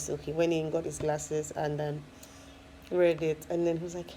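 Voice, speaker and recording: A woman's voice: deep voice, level tone, moderate pace, mellow, slight background noise, low-quality recording. A woman, a first-time mom, casually telling her own story with lots of fillers and frequent laughs. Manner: chatty, many fillers, laughs often.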